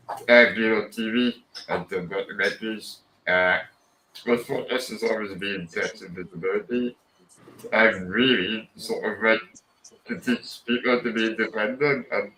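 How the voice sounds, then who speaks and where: A man from Wales with a Welsh accent, a guest on a video call, speaking haltingly and hesitantly. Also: fairly low pitch, sharp tone, roomy sound, a little hiss or hum, poor audio. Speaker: guest, disability rights advocate. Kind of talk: casual interview.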